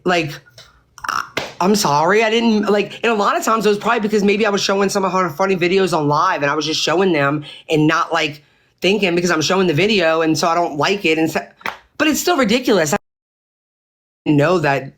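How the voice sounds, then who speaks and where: A woman's voice: on the low side, a little fast, fairly bright tone. A woman hosting her own livestream, venting in an angry, exasperated rant full of swearing. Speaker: livestream host.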